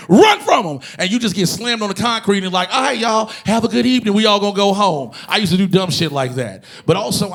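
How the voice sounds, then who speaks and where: A man performing a stand-up comedy routine on stage, telling animated, profane stories and bursting into shouted impressions. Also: on the high side. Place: comedy stage before a live audience.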